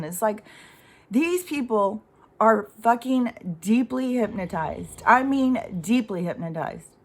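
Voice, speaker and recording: A woman's voice: a little high, lively intonation, slow pace, a little mellow. A middle-aged woman vents in an unscripted vlog rant. She rambles, sighs and swears as she works herself up, with nervous little laughs between thoughts. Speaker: vlogger.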